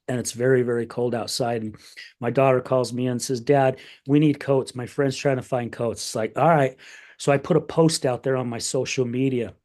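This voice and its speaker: A man's voice: medium pitch, a little mellow. Emotional middle-aged man telling a family story. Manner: heartfelt, gets emotional, acts out quoted family voices. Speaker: podcast host. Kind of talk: casual storytelling chat.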